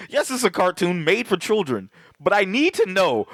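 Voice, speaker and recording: A rowdy, animated man with a fairly high voice that swings all over the place, swearing freely and cracking himself up. He talks close into a headset mic, with a dry sound and no room around it. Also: brisk, gravelly, few pauses, dry recording. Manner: animated, swears constantly, laughs often. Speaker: podcast co-host. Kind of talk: casual profane movie chat.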